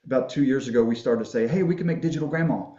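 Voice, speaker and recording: A man's voice: medium pitch, rapid-fire, mellow, reverberant, dull audio. A man guest on a podcast, telling folksy, rambling stories in casual conversation and laughing at his own jokes. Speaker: podcast guest, family history filmmaker.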